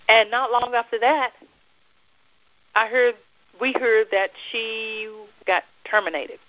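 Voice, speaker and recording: A woman from the United States, a guest telling a personal faith testimony in a lively way, laughing often and acting out the dialogue she quotes. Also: a little high, a little slow, dull audio.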